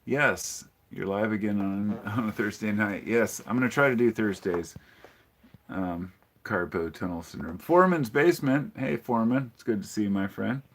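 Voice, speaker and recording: Man, somewhat low voice, casual live-stream host, chatty and rambling, reads chat aloud. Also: moderate pace. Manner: opinionated, frequent ums and restarts.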